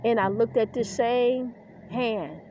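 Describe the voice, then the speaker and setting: A woman's voice: on the high side, takes it slowly, warm tone, dull audio. Emotional woman podcaster over music. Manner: choked up, defiant, emphatic. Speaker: podcast host. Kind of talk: emotional personal monologue.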